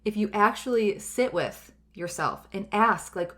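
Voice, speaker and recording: A woman in her thirties talks through a self-help podcast episode in a loose, rambling way. She keeps reaching for fillers and circling back on her points. Her tone stays earnest and gentle, and her voice sits at an ordinary middle pitch. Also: animated, a little slow. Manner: chatty and rambling, many fillers. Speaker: podcast host.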